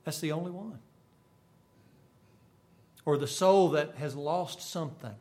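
Man preaching with loud bursts and hushed drops. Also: a little high, measured pace. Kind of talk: sermon.

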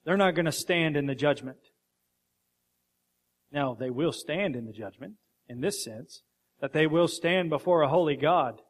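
A male preacher delivering a sermon, his voice sitting a little high for a man. He talks with emphatic rhetorical questions. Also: unhurried, pauses often.

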